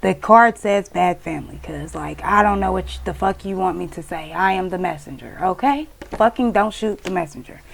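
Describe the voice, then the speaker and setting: A woman's voice: lowish voice, moderate pace, creaky, few pauses. A woman giving a casual tarot reading, blunt and profane, scolding and emphatic. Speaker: tarot reader.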